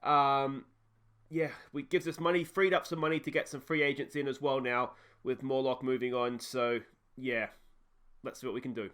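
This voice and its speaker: A man's voice: medium pitch, flat delivery, normal speed, a bit bright, clear, resonant tone. An Australian man hosting a baseball management let's play, musing aloud in a chatty, friendly way. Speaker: gaming channel host. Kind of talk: casual let's-play commentary.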